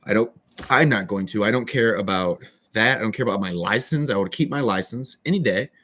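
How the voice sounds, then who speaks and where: A young man talking casually about his own life, his voice sitting at an ordinary middle pitch. He rambles and restarts, losing the thread and trailing off. It is a loose, restless monologue. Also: fairly bright tone. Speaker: person telling his own story.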